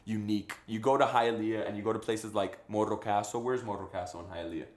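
A young man from Miami telling stories in a casual chat, animated and laughing often. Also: fairly low pitch, a little fast. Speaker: guest. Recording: roomy echo.

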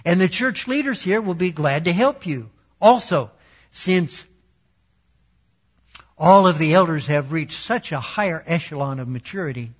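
A man's voice: a little high, animated, unhurried. A man preaching a sermon in a conversational, self-deprecating way, with laughing asides. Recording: dull lo-fi recording.

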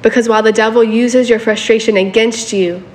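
Woman preacher, relaxed conversational sermon, talks straight to the congregation, asks for their agreement, faint background noise. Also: fairly high pitch, a little fast. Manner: casual, asks listeners for agreement.

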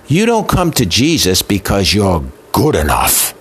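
A man's voice: on the low side, sing-song, moderate pace, hardly any pauses, a bit bright, husky. A man preaching a sermon with an impassioned, emotional delivery built on rhythmic repetition. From Italian heritage.

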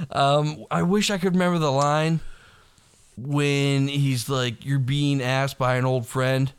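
A man co-hosting a podcast, retelling movie scenes in casual, profane chat, laughing often and slipping into quick impressions of the characters. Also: mid-range voice, fairly even intonation, clear, resonant tone. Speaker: podcast co-host.

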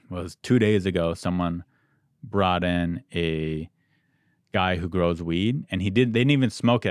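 A young man with a fairly low voice recounts a story in an animated, self-deprecating way. The sound is dry and close to the mic, and the feel is a casual podcast chat from a studio owner. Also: clear, resonant tone, no echo.

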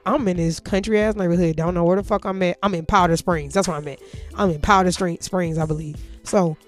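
A woman telling a story in casual, profanity-heavy speech. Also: fairly low pitch.

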